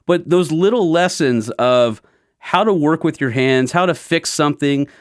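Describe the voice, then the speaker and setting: Smooth-voiced man telling a story. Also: a little high, a little slow, no room sound, clean studio sound. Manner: animated storyteller who acts out quotes. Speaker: podcast host. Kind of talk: casual conversation.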